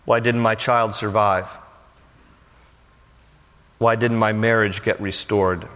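A middle-aged man preaching a sermon as pastor, telling a story in a conversational, animated way. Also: lowish voice, slow, big-room sound. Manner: conversational, animated, acts out dialogue.

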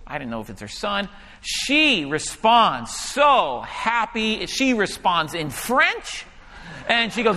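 A male pastor preaching a sermon and telling a story, animated at times and hushed when he quotes a prayer. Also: high voice, measured pace. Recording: hall reverb.

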